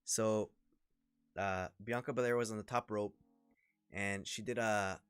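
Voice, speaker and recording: A man with a Toronto accent, giving chatty, excitable commentary during a wrestling watch-along livestream. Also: fairly low pitch, unhurried, smooth, no echo. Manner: chatty, excitable, reacts to the action. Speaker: livestream host.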